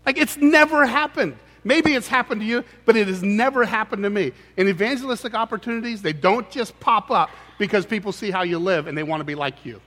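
Teasing male preacher in a big hall. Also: sits high. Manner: conversational, teasing, animated asides. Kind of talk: humorous sermon.

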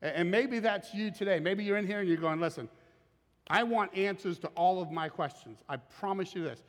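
A man preaching a sermon as pastor, animated and acting out scripture quotes in dramatic voices. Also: sits high, normal speed. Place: church auditorium. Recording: long reverb of a large hall.

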